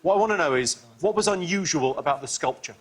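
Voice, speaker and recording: A man hosting a comic quiz show in a TV studio, delivering dry, deadpan one-liners. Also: fairly high pitch, fast talker, noisy background. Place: TV studio with live audience. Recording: studio with clear audience laughter.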